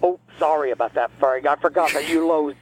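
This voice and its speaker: A man's voice: on the high side, fairly even intonation, fairly quick, close to an everyday voice, poor audio. A man playing a cranky retired Jersey caller. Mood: grumbling. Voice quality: complaining, sarcastic, insulting. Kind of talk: comedic call-in rant.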